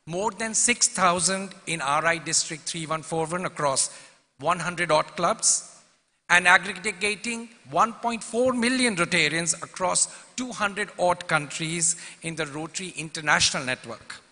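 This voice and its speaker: Speaking at a measured pace in a high, bright, forceful voice, a club president reads his prepared formal welcome address, naming the dignitaries present. The large convention hall gives the recording a long reverb.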